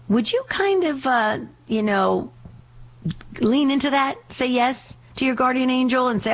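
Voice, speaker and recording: A woman's voice: on the high side, animated, a little slow. A woman hosting a live call-in radio show, talking in a fervent, urgent, pleading way, still getting over a slight cough.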